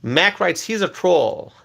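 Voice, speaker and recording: Male livestream host from Bangladesh, slow-paced and very expressive, reads comments aloud. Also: sits high. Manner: animated, repeats questions, laughs often. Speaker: livestream host reading chat. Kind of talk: live stream chat reading.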